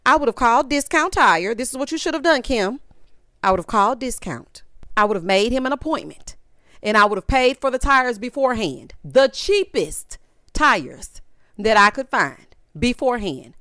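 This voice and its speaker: A woman's voice: fairly high pitch, expressive, moderate pace, a bit bright, no echo, clean studio sound. Sassy woman recapping reality TV. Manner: sassy, exasperated, quotes people in voices. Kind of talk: casual commentary recap.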